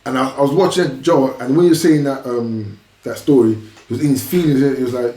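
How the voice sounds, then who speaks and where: A man's voice: mid-range voice, quick pace, dark tone, echoey room, recorded from a distance, low-quality recording. A man co-hosting a podcast, telling stories in casual chat with plenty of fillers and quoted lines. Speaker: podcast co-host.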